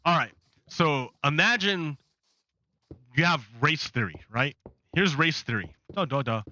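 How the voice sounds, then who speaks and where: A man's voice: a little high, animated, a little slow, sharp tone, lo-fi sound. Sarcastic man gaming and ranting. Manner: chatty, sarcastic, often restarts sentences. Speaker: gaming channel host. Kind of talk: rambling commentary while playing a game.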